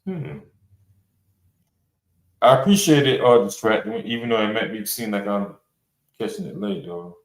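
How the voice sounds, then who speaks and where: A man's voice: lowish voice, normal speed, long pauses. A man hosting a reaction podcast panel, talking in a blunt, rambling, casual way with plenty of swearing and fillers. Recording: roomy echo.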